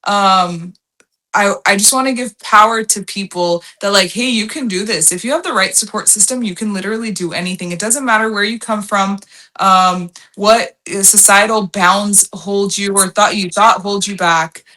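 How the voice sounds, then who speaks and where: A woman's voice: medium pitch, sharp tone. A woman guest on a podcast, talking candidly and with emphasis in casual chat. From Armenian heritage. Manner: candid, emphatic, drawn-out phrasing. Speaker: podcast guest, slot content creator.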